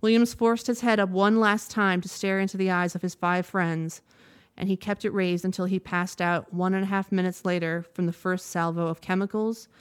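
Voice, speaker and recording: A woman reading a news report aloud in a measured, steady way, now and then stopping to correct a word. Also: fairly low pitch, smooth. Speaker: news reader.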